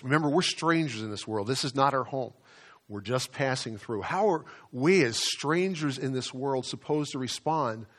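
With a medium-pitched, slightly bright voice, a male pastor preaches conversationally, repeating words and slowing down to stress what matters most.

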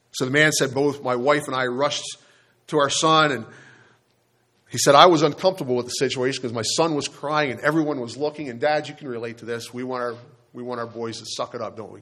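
A man preaching a sermon, telling a story and speaking straight to the congregation, slowing down on the key points. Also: mid-range voice, fairly bright tone. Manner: storytelling, addresses the congregation directly, slows down for emphasis. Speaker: pastor.

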